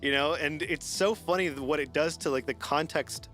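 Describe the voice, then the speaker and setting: A man's voice: a little high, moderate pace, bright, forceful tone, faint music behind. A man hosting a live gaming stream in casual chat, laughing often and rambling with restarts.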